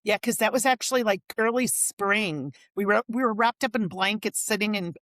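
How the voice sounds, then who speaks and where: A woman's voice: medium pitch, moderate pace, no echo. A middle-aged woman, a company finance executive, telling stories in a casual conversation and acting out the lines people said. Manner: animated storyteller who acts out quoted dialogue. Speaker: guest, company finance chief.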